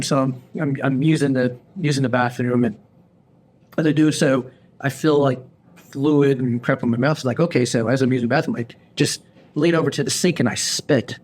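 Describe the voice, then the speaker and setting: A man, a podcast host telling a long story in casual chat and acting out the lines he quotes. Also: medium pitch. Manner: animated storyteller, acts out his own quoted lines. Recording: faint background noise.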